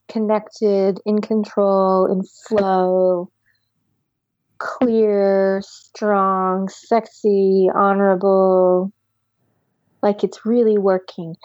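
A woman leads a guided tapping session at a medium pitch. She gives calm, step-by-step instructions and sighs deeply between phrases. The recording is slightly dull and lo-fi, with a dry, close sound. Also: no echo. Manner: calm step-by-step instructions, leading group repetition. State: deep audible sighs and yawns between phrases. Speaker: tapping practitioner.

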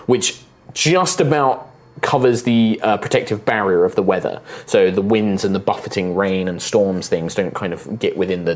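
A man's voice: on the low side, a little mellow. A man narrating as game master of a tabletop game, in a rambling way with many fillers.

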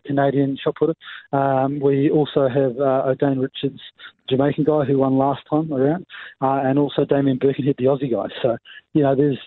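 A man, an athlete giving a relaxed radio interview by phone and peppering his talk with "mate" and "you know". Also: medium pitch, no room sound. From New Zealand. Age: 20s. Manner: laid-back, fills speech with "mate" and "you know". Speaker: athlete guest. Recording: tinny phone line.

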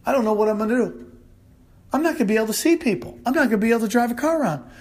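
A man doing a stand-up monologue, animated and loose, swearing casually and acting out shouted bits. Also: very high voice, rapid-fire. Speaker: stand-up comedian.

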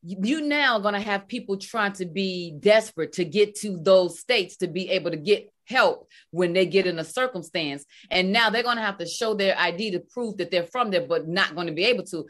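A woman's voice: lowish voice, a bit bright. A woman panelist on a talk show, making a passionate argument.

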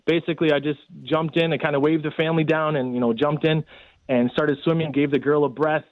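A man's voice: a little high, steady tone, fairly quick, no echo. A man in casual storytelling, rambling with many fillers as he recounts events. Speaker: guest telling a rescue story. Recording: tinny phone line.

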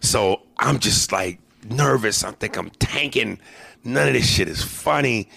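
A comedian hosting his podcast, swearing freely as he tells animated stories. His voice is low and gravelly with a bright, forward edge. The sound is dry and close to the mic. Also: measured pace, dry recording. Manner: profane, animated storyteller. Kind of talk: casual podcast storytelling.

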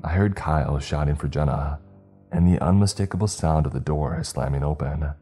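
Deep husky man narrating horror. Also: normal speed, dark tone, faint music behind.

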